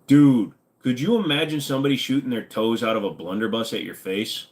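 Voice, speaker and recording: A man's voice: medium pitch, brisk, darkish tone. A man hosting a stream, chatting casually and joking as he reads viewer comments. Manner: joking, laid-back, rambling. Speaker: streamer host.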